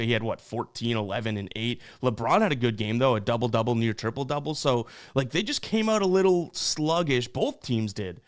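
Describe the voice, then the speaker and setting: A young man hosting a sports betting show, casually talking through picks with loose fillers and restarts. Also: mid-range voice.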